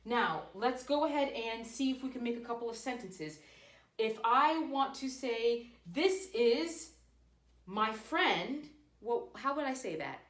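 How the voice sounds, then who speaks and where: Slow-speaking woman teaching a language. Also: fairly high pitch, expressive, a bit bright. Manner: slow, careful modeling of phrases. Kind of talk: casual language lesson. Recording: echoey room.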